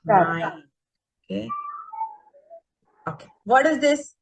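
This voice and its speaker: A woman's voice: fairly high pitch, animated, takes it slowly, breathy edge, no echo, rough recording. A woman leading an online teacher workshop. She speaks with energy and keeps checking in with the group by asking "okay?". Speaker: teacher trainer. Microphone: video call.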